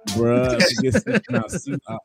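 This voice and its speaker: A man's voice: mid-range voice, sing-song, a little slow, vocal fry, music in the background. A man from Georgia co-hosting a casual podcast, joking around and doing a playful mock weather report. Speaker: co-host.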